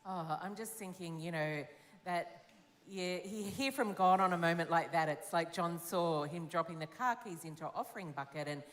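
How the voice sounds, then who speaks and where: A woman's voice: fairly low pitch, normal speed. A woman with an Australian accent, a pastor speaking candidly and with animation in an interview, acting out her own thoughts. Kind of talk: interview about giving. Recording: long reverb of a large hall.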